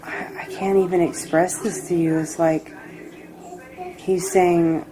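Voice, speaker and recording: A woman giving a personal tarot reading, reflective and emotional, rambling with pauses. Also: on the low side, flat delivery, crowd noise, rough recording. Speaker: tarot reader.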